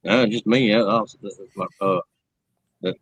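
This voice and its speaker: A man's voice: lowish voice, fairly even intonation, moderate pace, a bit bright, slightly rough, no echo, low-quality recording. A man hosting a casual chat, rambling and laughing often as he tells stories. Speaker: show host.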